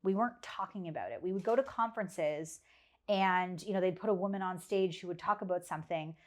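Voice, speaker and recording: A woman's voice: fairly low pitch, fairly quick. A woman speaking as a podcast guest, telling a personal story candidly, with earnest emphasis and repeated phrases. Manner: candid about struggles. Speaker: podcast guest, business leader.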